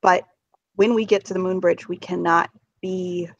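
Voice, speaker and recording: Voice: mid-range voice, fairly even intonation, normal speed, no room sound, dull audio. A tabletop game player speaking earnestly in character, hesitant, restarting sentences and checking in with "okay?".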